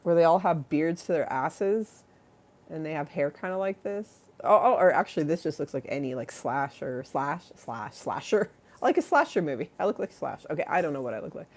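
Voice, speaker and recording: A woman's voice: low voice, lively intonation, moderate pace, darkish tone. A woman hosting a casual livestream, rambling and giggly as she reads out names from the chat. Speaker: livestream host.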